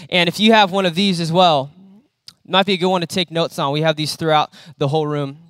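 A young man preaching a conversational sermon in a church hall, animated and acting out the quotes he tells. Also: a little high, brisk, clear, resonant tone, studio quality.

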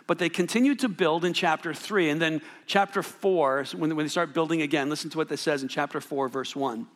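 A man's voice: fairly high pitch, a little fast, fairly bright tone, long reverb tail. A man preaching a sermon, reading scripture and telling a personal story in a conversational way, often checking in with the listeners. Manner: conversational storytelling, frequent "right?" asides and restarts. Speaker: pastor.

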